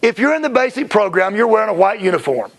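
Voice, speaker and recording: A man giving a chatty seminar talk about running a martial arts school, slipping into quick impressions of kids and parents. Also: sits high, sing-song.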